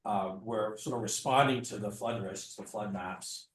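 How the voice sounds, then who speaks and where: A middle-aged man with a low voice talks through a presentation at a community meeting, explaining casually with plenty of fillers. He sounds distant from the mic, with the room's echo and a faint noise behind him. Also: measured pace. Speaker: city planning official presenting.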